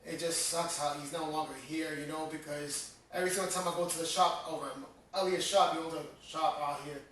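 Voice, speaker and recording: A man's voice: on the high side, steady tone, a little fast, a bit bright, slight background noise. A man from Massachusetts co-hosting a casual podcast as a DJ, telling rambling stories and swearing freely. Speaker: DJ and podcast co-host. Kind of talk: casual chat. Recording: echoey room, distant mic.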